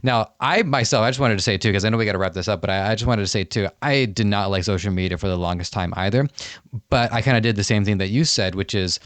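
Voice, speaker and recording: A man hosting a podcast, speaking in a reflective, measured way about his views. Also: fairly low pitch, fairly bright tone, dry recording. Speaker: podcast host. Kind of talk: podcast interview conversation.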